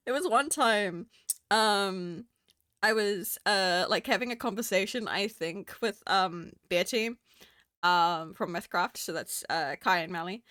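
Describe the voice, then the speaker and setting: A woman's voice: medium pitch, slow pace, sharp tone, no echo, studio quality. A woman from New Zealand with a Kiwi accent, chatting casually on a stream and laughing often at herself. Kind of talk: casual stream chat while drawing.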